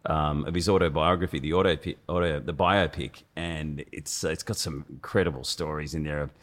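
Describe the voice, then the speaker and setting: A man's voice: very deep voice, fairly even intonation, brisk, fairly bright tone. An Australian man hosting a podcast, asking questions in an enthusiastic, jokey and blunt way. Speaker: podcast host. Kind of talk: casual podcast interview.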